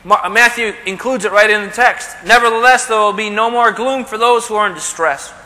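A man's voice: sits high, fairly quick, bright, forceful tone. A man preaching a sermon as a pastor, talking conversationally and asking rhetorical questions. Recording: long hall reverb.

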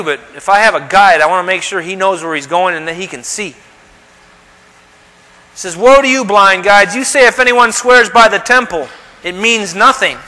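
A man's voice: sits high, bright, forceful tone. Man, pastor, preaching, rhetorical questions, acted quotes, echoing hall. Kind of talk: sermon.

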